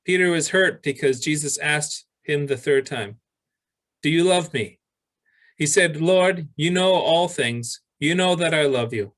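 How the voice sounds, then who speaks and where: A male pastor preaching a sermon, reading scripture aloud with pauses and restarts. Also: a little high, a bit bright, rough recording.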